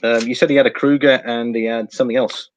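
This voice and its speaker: A man hosting a live stream, chatting casually and thinking out loud while he reads out figures and viewer comments. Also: medium pitch, steady tone, fast, dull audio, a little hiss or hum. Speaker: livestream host reading viewer chat.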